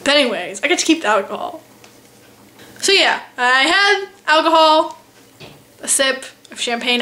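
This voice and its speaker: Bright-voiced teen girl telling a story. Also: very high-pitched. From United States. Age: teens. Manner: animated, jokey, self-mocking. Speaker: vlogger. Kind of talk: casual storytelling.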